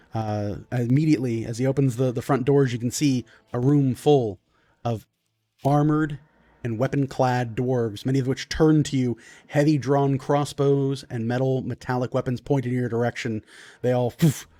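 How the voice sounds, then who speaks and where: A man at a middle pitch narrating a tabletop fantasy game as game master. He describes scenes unhurriedly, with frequent fillers, on a close, dry mic with faint music under him. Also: dark tone, no echo.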